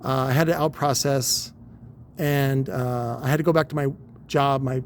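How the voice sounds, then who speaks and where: A man's voice: mid-range voice, steady tone, moderate pace, a little hiss or hum. A man in his forties casually telling a long, rambling, profane story with wry humor. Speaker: podcast host.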